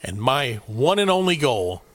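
A man's voice: mid-range voice, sing-song, unhurried, no room sound. A middle-aged man, a podcast co-host, ranting through a profane story in casual banter. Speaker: podcast co-host and youth basketball coach.

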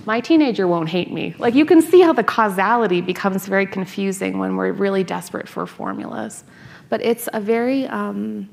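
A woman in her thirties from North America, a scholar and author telling stories in an interview, animated, laughing and restarting her sentences often. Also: mid-range voice, vocal fry. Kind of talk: conversational interview.

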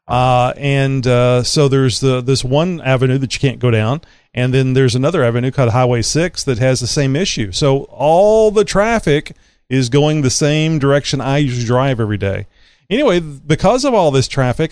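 A man's voice: mid-range voice, a little mellow, clear, resonant tone, no room sound. Rambling man telling a story on a podcast. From West Houston, Texas. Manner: rambling with many fillers and jokes. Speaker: podcast host. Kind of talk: casual podcast chat.

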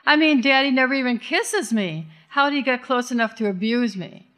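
A woman voicing an angry, defensive fourteen-year-old girl who talks back shrill and scornful. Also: animated, brisk, bright, forceful tone.

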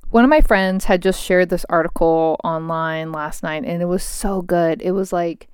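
A woman's voice: mid-range voice, darkish tone, clear, resonant tone, no echo, clean studio sound. A woman in her thirties talking frankly at her home desk, venting in a casual solo monologue and swearing freely.

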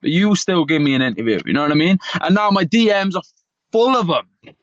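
Male fighter guest, intense and sweary, fairly high voice, dry muffled remote audio. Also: lively intonation, a little fast, dry recording. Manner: fired up, emphatic, swears a lot. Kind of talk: passionate interview talk.

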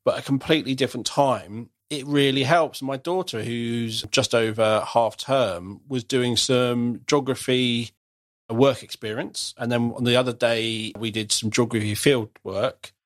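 A man's voice: medium pitch, fairly even intonation, measured pace, no echo, studio quality. A middle-aged man hosting a casual conversation, chatty and self-deprecating, often restarting his sentences.

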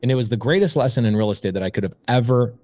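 Speaking rapid-fire in a medium-pitched voice, with no room sound at all, this man is a real estate investor guesting on a podcast. He tells a long story from his own life, animatedly performing all the voices in the conversation.

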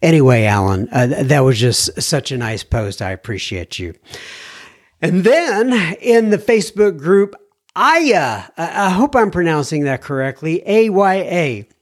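A man hosts a podcast and reads listener messages aloud in a relaxed, unhurried way. His voice sits a bit high for a man. He often stumbles and repeats words as he begins a thought. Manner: halting, repeats words when starting sentences. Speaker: podcast host. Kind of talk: casual monologue reading listener messages.

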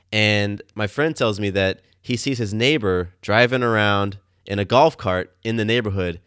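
A man hosting his own podcast, telling warm everyday stories in a casual, upbeat, enthusiastic way. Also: on the low side, no echo, clean studio sound. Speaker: podcast host. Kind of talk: casual storytelling monologue. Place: Atlanta, USA.

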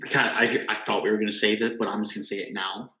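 Flat-voiced man in an echoey room. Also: lowish voice, quick pace. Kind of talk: casual sports chat.

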